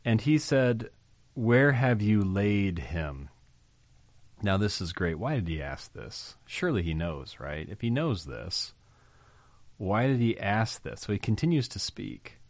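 A man preaching a sermon, asking rhetorical questions and swinging between loud emphasis and soft, slow stretches. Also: lowish voice, very animated, no echo.

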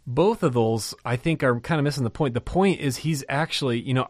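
A man preaching a sermon on a Bible passage, animated and emphatic, repeating key phrases for weight. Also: fairly low pitch, no echo. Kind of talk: sermon teaching on a Bible text.

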